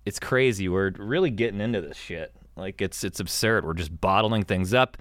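A man's voice: low voice, moderate pace, fairly bright tone, no echo, clean studio sound. A young man hosting an advice podcast in casual chat, rambling and stammering with lots of swearing. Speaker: podcast host.

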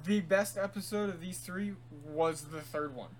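A man's voice: high voice, moderate pace. A man co-hosting a podcast, chatting casually and sarcastically about a cartoon. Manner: sarcastic, lively with squealed mock quotes. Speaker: podcast co-host. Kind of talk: casual chat.

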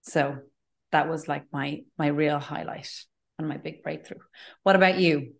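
Chatty woman, candid and lowish. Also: steady tone, unhurried, creaky. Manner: candid, chatty storyteller with many fillers and restarts. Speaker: podcast co-host. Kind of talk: casual chat.

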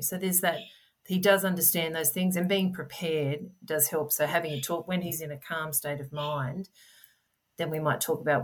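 Low-voiced earnest middle-aged woman. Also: steady tone, moderate pace. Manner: earnest, explanatory, gentle. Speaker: podcast guest, parent advocate. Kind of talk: conversational interview.

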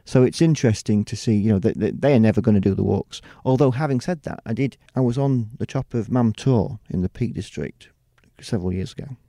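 A middle-aged UK man, a TV presenter and producer, gives a casual interview in a warm, lowish voice, speaking briskly with few pauses. He rambles, restarts frequently, and says "you know" often; the studio-quality recording has no room sound.

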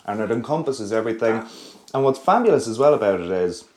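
A man's voice: medium pitch, animated, fast, a little mellow. A young man, a restaurant chef chatting enthusiastically about his food, with plenty of fillers. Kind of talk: casual cooking chat. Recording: echoey room.

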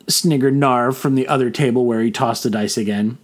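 Storyteller man reading fantasy fiction, mid-pitched, scripted. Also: fairly even intonation, brisk, hardly any pauses. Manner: reads all characters himself. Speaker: narrator.

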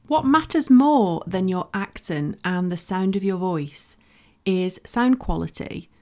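A woman's voice: on the low side, darkish tone. A woman with a Northern English accent from Bolton, hosting a solo podcast and giving frank, emphatic encouragement. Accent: Northern English (Lancashire). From Bolton, northwest England. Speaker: podcast host. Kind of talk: solo podcast advice talk.

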